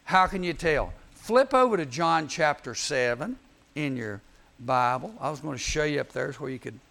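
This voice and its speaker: Gravelly high-voiced preacher. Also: male voice, normal speed. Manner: animated storytelling, acts out Bible voices. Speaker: youth speaker. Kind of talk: youth sermon.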